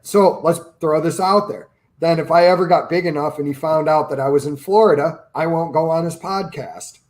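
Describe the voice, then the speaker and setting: A man's voice: on the high side, normal speed. A man who runs a personal finance channel, chatting casually and telling opinionated stories with quoted asides. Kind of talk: casual livestream chat.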